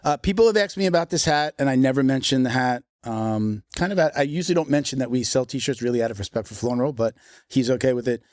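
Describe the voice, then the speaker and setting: A man's voice: medium pitch, fast talker, a little mellow, no room sound, clean studio sound. A man hosting a podcast, chatting casually and joking, often restarting his sentences. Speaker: podcast host.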